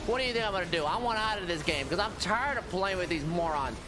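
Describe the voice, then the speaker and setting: High-pitched hyped trash-talking gamer man. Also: expressive, fast, noisy background. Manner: hyped, profane trash talk; loud taunting catchphrases. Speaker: gaming streamer. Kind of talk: live gameplay commentary. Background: music.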